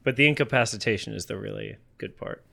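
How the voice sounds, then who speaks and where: A man's voice: on the low side, fast, creaky, pushed and bright. A man playing a tabletop game, describing his attacks hesitantly with many fillers. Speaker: player. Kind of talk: casual tabletop play.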